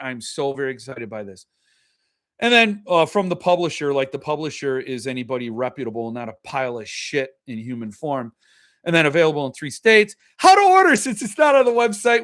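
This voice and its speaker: A man's voice: on the high side, a bit bright. Sarcastic, profane man ranting. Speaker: podcast host. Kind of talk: ranting commentary.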